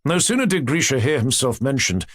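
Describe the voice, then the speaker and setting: A man narrating an audiobook in an expressive storytelling manner. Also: medium pitch, a little fast, dry recording, clean studio sound.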